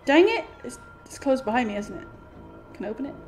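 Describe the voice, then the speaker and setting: Jumpy high-voiced woman gamer. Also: big pitch swings, fast, darkish tone, faint music behind. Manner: jumpy, exclamatory, talks to the game. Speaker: gaming streamer. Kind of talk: let's play commentary.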